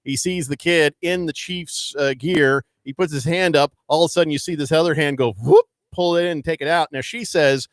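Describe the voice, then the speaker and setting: A man's voice: fairly high pitch, moderate pace, hardly any pauses, dry recording, clean studio sound. A man hosting a sports talk radio show, telling stories in a casual, rambling way full of fillers. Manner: rambling with many fillers and restarts. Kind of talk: casual storytelling chat. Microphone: studio microphone.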